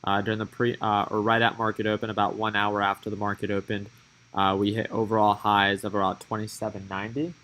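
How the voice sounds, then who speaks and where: A man's voice: lowish voice, flat delivery, fairly quick, fairly bright tone, low-quality recording. A man giving casual live-stream commentary on stock market moves, chatty and thinking aloud as he watches the charts.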